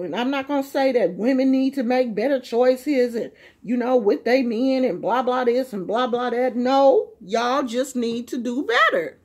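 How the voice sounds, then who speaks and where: A woman vlogger talking casually to the camera in an emphatic rant, dropping to low murmurs and then rising to loud, high outbursts.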